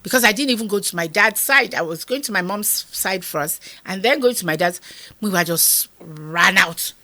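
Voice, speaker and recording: A woman's voice: mid-range voice, expressive, a little fast, sharp tone. A Nigerian woman in her fifties, an interview guest telling an emotional personal story and acting out the dialogue as she goes. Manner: vivid retelling that acts out the dialogue.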